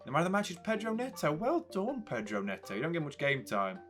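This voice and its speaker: A man's voice: a little high, wildly swooping pitch, fast talker, fairly bright tone, faint music behind. A young man commentating a football video game casually, swinging between hype and frustrated ranting. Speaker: gaming YouTuber.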